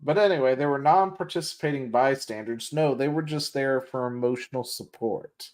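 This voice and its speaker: A man's voice: mid-range voice, normal speed, a loud crowd. A man hosting a casual podcast, reading news aloud and mocking it with sarcasm, laughter and swearing. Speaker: podcast host.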